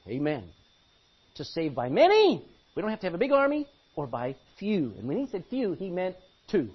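A man preaching a sermon in an animated way, acting out Bible scenes as he goes. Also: sits high, fairly quick, slightly rough. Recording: dull lo-fi recording.

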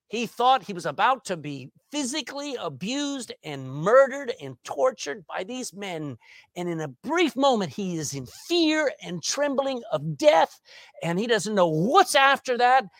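Male preacher, lively pitch, rhetorical, dry close recording. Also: dry recording. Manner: animated, rhetorical questions, swings between loud and soft. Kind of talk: sermon.

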